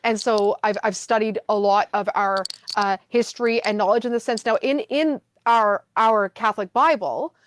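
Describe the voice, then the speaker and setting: A woman's voice: medium pitch, normal speed, hardly any pauses, slight background noise. A woman guest in a casual conversation, talking chattily with many fillers and questions. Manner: chatty, lots of "like" and "um".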